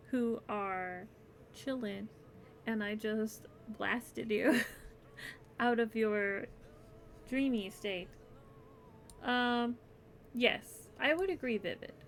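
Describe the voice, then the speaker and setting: A woman's voice: a little high, fairly bright tone, a little hiss or hum. A woman streamer chatting casually with her viewers while crocheting, giggling often and yawning near the end of her stream.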